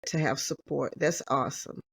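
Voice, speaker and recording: Deep-voiced woman hosting, dry sound. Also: normal speed, vocal fry, slightly rough, no echo. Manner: brief affirming interjections. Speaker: podcast host. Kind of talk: interviewing.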